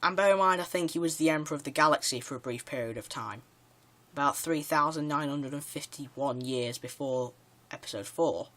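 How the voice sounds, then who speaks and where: A man's voice: a little high, fairly quick, a bit bright. A man giving casual countdown commentary for his own video, rambling and eager, tossing in "yeah" often and restarting his sentences. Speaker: video creator.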